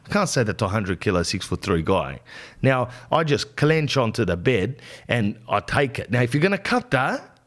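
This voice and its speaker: A man, hosting a podcast and telling a comic story in an animated, rambling, exaggerated way. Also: mid-range voice, moderate pace. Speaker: podcast host. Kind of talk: comedic storytelling.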